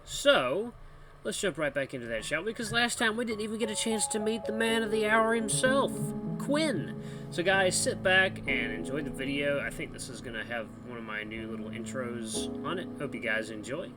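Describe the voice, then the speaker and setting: Male gaming host, let's play commentary, chatty and lively, music behind. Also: a little high, normal speed. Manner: chatty and animated, voices the main character. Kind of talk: let's play commentary, reading game text. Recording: background music under voice.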